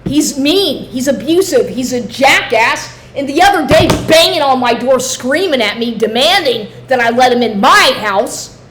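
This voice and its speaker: A woman's voice: sits high, expressive, measured pace, hardly any pauses, a bit bright, slight background noise. A middle-aged woman in an angry personal rant, agitated, swearing and repeating herself.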